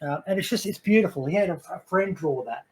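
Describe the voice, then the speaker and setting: Higher-voiced man telling casual stories. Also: expressive, quick pace, a little mellow, husky. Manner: rambling, sweary, fond storytelling. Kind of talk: casual chat.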